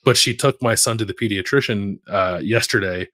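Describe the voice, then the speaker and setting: A man in his thirties co-hosts a casual podcast while sick with a sore throat. His voice sits low and the sound is dry and close. He hesitates a lot and lets his phrases trail off quietly. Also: moderate pace, dry recording. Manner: hesitant, lots of likes and ums, trailing off quietly. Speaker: podcast co-host. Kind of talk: casual chat.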